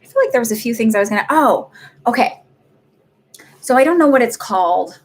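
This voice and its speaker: A woman's voice: fairly high pitch, lively intonation, fairly quick. Middle-aged woman host, rambling casual livestream chat, filler-heavy storyteller. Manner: chatty and rambling, with frequent fillers and laughs. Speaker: psychic medium livestream host.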